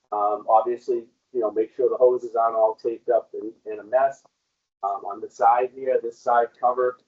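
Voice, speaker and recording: A man talks staff through a piece of equipment in a loose, rambling way, dropping plenty of ums as he goes. His voice sits at an ordinary middle pitch. The audio is dull and lo-fi. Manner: casual, rambling, frequent ums. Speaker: equipment trainer. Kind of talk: hands-on equipment training.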